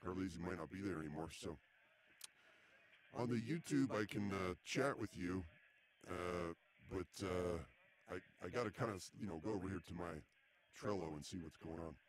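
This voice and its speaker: A man's voice: low-pitched, moderate pace, a little hiss or hum. A man hosting a casual comedy podcast, talking in a dry, exasperated way. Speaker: podcast host. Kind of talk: casual comic chat.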